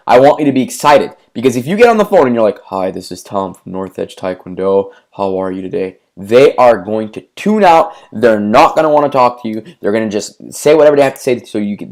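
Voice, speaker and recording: A man's voice: medium pitch, darkish tone. A man coaching business owners, speaking emphatically in repeated lists of instructions, with frequent stammered restarts. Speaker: marketing coach for martial arts schools. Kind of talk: instructional talk to school owners.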